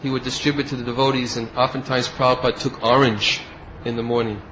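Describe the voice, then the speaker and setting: A man's voice: medium pitch, flat delivery, fast, a bit bright, dull audio, slight background noise. A man giving a devotional lecture as a spiritual teacher, telling stories and acting out the quoted speech of the people in them. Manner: storytelling, acts out quoted speech.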